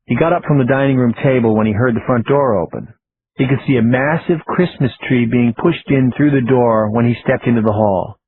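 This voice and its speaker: A man narrating an audiobook in a steady, even storytelling voice. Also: medium pitch, fairly quick. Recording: tinny phone-like audio with faint hiss.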